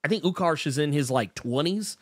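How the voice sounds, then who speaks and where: A man co-hosting a casual podcast chat, talking in quick bursts with many stammered restarts and reading out viewer comments. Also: on the high side, lively intonation, no echo, clean studio sound. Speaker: podcast co-host.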